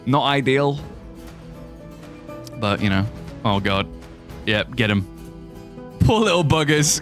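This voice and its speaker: A young man talks through his live stream in a loose, rambling way, reading out viewer messages and joking as he goes. His pitch moves around a lot, lifting sharply when something surprises him. Quiet music plays faintly underneath. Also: lively intonation, measured pace, long pauses. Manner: chatty, rambling, reads chat aloud and jokes. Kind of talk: casual live-stream gameplay commentary.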